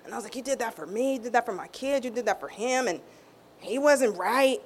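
A woman telling an emotional personal faith testimony. She acts out quotes in a raised voice and drops to a hush at tender moments. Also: fairly high pitch, a little fast. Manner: animated storytelling, acts out quotes in raised tones. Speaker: guest sharing a testimony.

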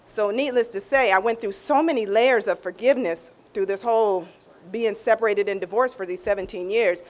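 A middle-aged woman sharing an emotional faith testimony in a casual, expressive way, often restarting phrases and acting out what others said. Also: a little fast. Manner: expressive, acts out quoted voices with big pitch swings; informal, repeats and restarts phrases. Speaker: guest sharing a personal testimony.

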